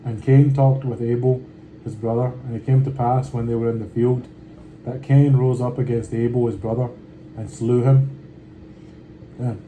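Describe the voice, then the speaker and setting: Brief: male scripture reader with a deep, warm, dark tone, deliberate delivery, casual asides, faint hiss behind. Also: little pitch movement, low-quality recording. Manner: deliberate reading with slangy offhand comments.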